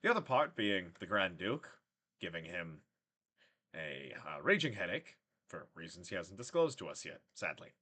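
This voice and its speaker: A man's voice: sits low, very animated, normal speed, bright, forceful tone, voice pushed down, full character voice. A man voicing a cocky young male tiefling, a mocking younger brother, in a generic fantasy accent. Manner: mocking, sibling teasing.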